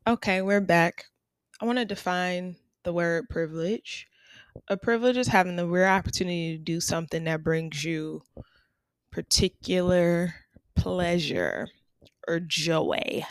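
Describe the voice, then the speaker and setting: A woman's voice: fairly low pitch, smooth, no echo, clean studio sound. A woman in her thirties, a teacher, hosting a podcast and telling stories in a chatty, laughing way. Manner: chatty, laughing often, drawn-out repeats. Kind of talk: casual storytelling monologue.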